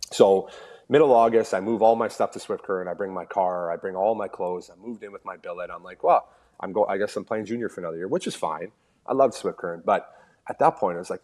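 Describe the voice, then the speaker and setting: A man's voice: fairly low pitch, brisk. A man in his thirties from Canada, a former pro hockey player telling stories as a podcast guest, acting out the dialogue he quotes. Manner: animated storyteller, acts out quoted dialogue. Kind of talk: casual storytelling interview.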